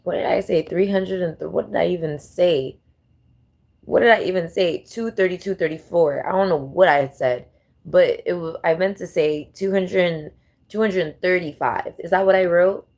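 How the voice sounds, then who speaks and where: A woman hosting a casual vlog, rambling and thinking out loud as she fumbles through numbers. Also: lowish voice, normal speed. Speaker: channel host.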